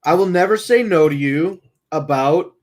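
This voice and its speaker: A man's voice: on the high side, moderate pace. A man streaming, talking casually in a blunt, profane, rambling way. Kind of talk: casual talk.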